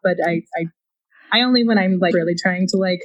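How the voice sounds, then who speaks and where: A woman's voice: fairly low pitch, moderate pace, highs cut off. A woman guest in a casual podcast chat, talking hesitantly with many fillers. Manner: hesitant, full of "like" and restarts.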